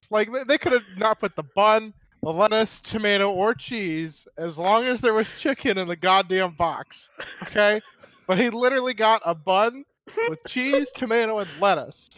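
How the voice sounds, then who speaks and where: A high-voiced man tells a rambling story, animated, swearing and laughing as he goes. His voice is dry and close, with no room around it. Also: moderate pace, dry recording. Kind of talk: casual storytelling.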